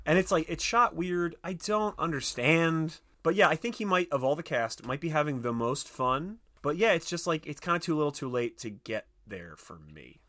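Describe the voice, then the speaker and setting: A man's voice: fairly high pitch, expressive, normal speed, hardly any pauses, a bit bright. A man co-hosting a podcast, chatting about movies in a rambling, jokey, crude way. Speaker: podcast co-host. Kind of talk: casual movie chat.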